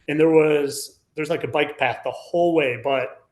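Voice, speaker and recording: A man's voice: a little high, steady tone, normal speed, darkish tone. A man in his forties, a podcast guest telling a personal story in a rambling, casual way, full of "like" fillers. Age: 40s.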